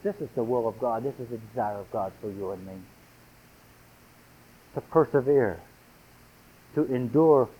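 A man's voice: mid-range voice, husky. A man preaching a sermon, reading scripture aloud with rising, emphatic delivery. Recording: tinny phone-like sound.

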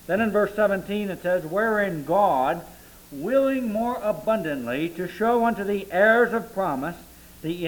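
A man pastor preaching a sermon, reading scripture aloud and slowing down to stress its key words. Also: sits high, rough recording.

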